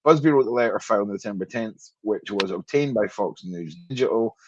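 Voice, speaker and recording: A man's voice: fairly low pitch, lively intonation, fairly quick, darkish tone, lo-fi sound, slight background noise. A man hosting a podcast who stumbles and laughs at himself while reading legal text aloud. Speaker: podcast host.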